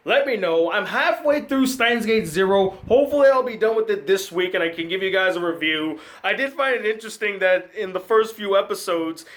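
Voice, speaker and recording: Male film critic, high voice, sarcastic ranting delivery, casual review host. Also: fairly bright tone.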